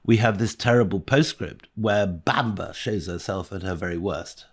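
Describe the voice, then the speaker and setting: A man co-hosting a history podcast, speaking in a measured, dryly wry way. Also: deep voice, husky. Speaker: podcast co-host.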